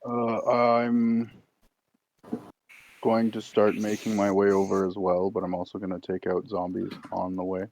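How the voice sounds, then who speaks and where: A man playing a tabletop game, talking casually and relaxed, trailing off at times. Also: fairly low pitch, measured pace, slight background noise, rough recording. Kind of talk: casual chat.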